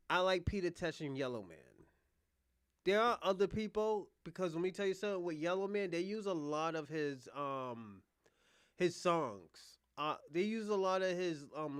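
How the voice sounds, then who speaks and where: A man's voice: high voice, a bit bright, clean tone, no room sound, clean studio sound. A man from the United States hosting a livestream, reacting to clips in a rambling, profane, casual way and talking straight to his viewers. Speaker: livestream host.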